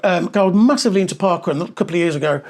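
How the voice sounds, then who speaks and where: A middle-aged man with a notably high speaking voice, chatting easily in a podcast and spinning long stories full of ums. He talks into a clip-on mic that picks up a little clothing rustle. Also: rapid-fire, darkish tone. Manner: chatty storyteller, many ums. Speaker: podcast co-host. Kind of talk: casual podcast chat.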